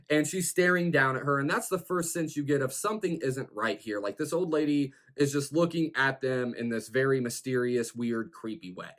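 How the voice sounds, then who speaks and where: A man's voice: medium pitch, fairly bright tone. A man hosting a horror film review, recapping the plot in a casual, rambling way full of fillers like "like" and "you know".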